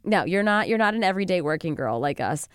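A woman co-hosting a podcast in casual chat, animated and swearing, acting out the people she quotes. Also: on the low side, quick pace, clean tone, no room sound. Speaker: podcast co-host.

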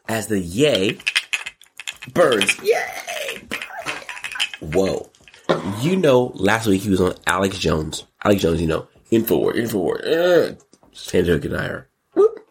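Gravelly, excitable male podcast host. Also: lowish voice, unhurried, noisy background. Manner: excitable, jokey, with sudden squeals and exclamations. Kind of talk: casual commentary.

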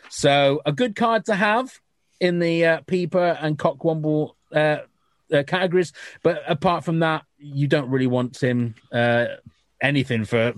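A man with a slightly high voice hosts a casual podcast chat, joking around and briskly reading out listener scores. The recording is studio quality with no echo.

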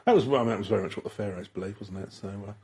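A man's voice: fairly low pitch, very fast, crowd noise. A British man co-hosting a casual podcast chat, rambling and chuckling as he tells ghost stories. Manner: rambling, many restarts and chuckles. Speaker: podcast co-host.

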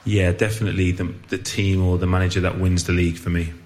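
A man who is a guest on a football podcast, giving brief, measured answers. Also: sits low, little pitch movement, darkish tone, slight background noise. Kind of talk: casual chat.

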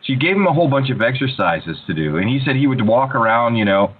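A man in casual interview chat, an animated storyteller who often restarts his sentences. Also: mid-range voice, quick pace, breathy edge. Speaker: voice actor guest. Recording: tinny phone-like line with faint hiss.

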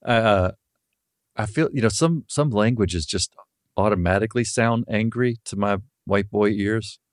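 A man with a Southern US accent, a podcast guest who tells stories in an animated way and laughs as he talks. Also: lowish voice, measured pace, no room sound, clean studio sound. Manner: animated storyteller, laughs through his stories. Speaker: podcast guest, author and comedian. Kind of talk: casual podcast chat.

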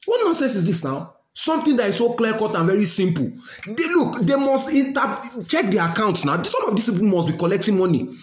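A fired-up Nigerian man scolding and railing, his voice sitting high. He drops into Pidgin now and then. It sounds like an echoey room. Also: sing-song, fast talker, few pauses. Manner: indignant, scolding, mixes Pidgin phrases. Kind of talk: angry political rant.

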